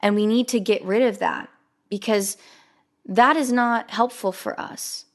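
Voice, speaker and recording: A woman's voice: fairly high pitch, fairly even intonation, a little slow. A young woman hosting her own podcast, talking alone in a chatty, earnest way with many fillers and quoted asides. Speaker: podcast host. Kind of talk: casual solo podcast monologue.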